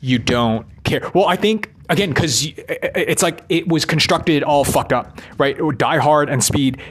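A man's voice: on the high side, normal speed, slight background noise. A man in a rambling, casual monologue about movies, swearing freely and ending his thoughts with a questioning "right?". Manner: rambling, profane, constant "right?" tags.

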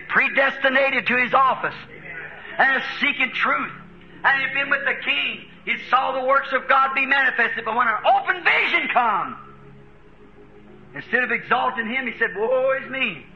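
An American man preaching a fervent sermon, chuckling between lines and rising to shouts. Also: extremely high pitch, highs cut off, a little hiss or hum. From United States.

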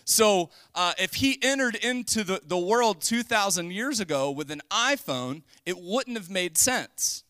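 Male pastor, middle-aged, bright forceful tone, dry close sound, casual sermon with jokes and sudden emphatic rises. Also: high-pitched, expressive, measured pace, hardly any pauses, no room sound. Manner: conversational, joking, with bursts of emphasis. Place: church sanctuary.

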